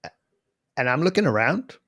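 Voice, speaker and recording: Gravelly man telling a story. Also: medium pitch, normal speed, dry recording. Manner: animated, self-deprecating storyteller. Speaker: podcast co-host. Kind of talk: casual storytelling chat.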